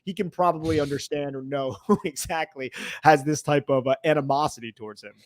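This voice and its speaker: A man's voice: on the high side, a little fast, dry recording. A man co-hosting a sports podcast, teasing and sarcastic in casual chat. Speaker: podcast co-host.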